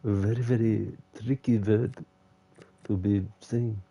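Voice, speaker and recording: A man's voice: fairly low pitch, fairly even intonation, slow pace, warm tone. A man streaming a football manager game, chatting casually, muttering to himself and laughing often. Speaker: gaming streamer. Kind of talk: casual live gameplay commentary.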